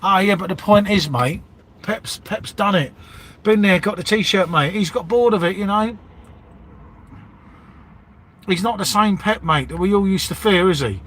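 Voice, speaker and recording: Rambling bloke saying mate. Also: male voice, high voice, measured pace, long pauses, a bit bright, slight background noise. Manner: matey, rambling, says "mate" and "innit" constantly. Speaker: livestream host chatting with viewers. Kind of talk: casual live-stream chat.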